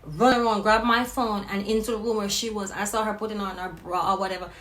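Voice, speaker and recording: A woman vlogger telling a personal story in a casual, animated and profane way. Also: medium pitch, fast. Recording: roomy with faint noise.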